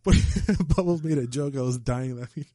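A man's voice: mid-range voice, moderate pace, warm tone, no room sound. A man chatting casually about a movie, laid-back and profane, dropping Spanish slang. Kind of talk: casual film chat.

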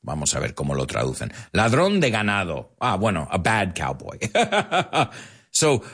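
Man, 40s, podcast host, bilingual English lesson, husky, very lively pitch. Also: moderate pace. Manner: animated, acts out quotes with big pitch jumps.

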